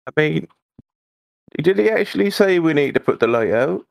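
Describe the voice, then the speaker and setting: A man's voice: on the high side, lively intonation, moderate pace, vocal fry, no echo, clean studio sound. A man playing in a tabletop role-play, mild and musing. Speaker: player.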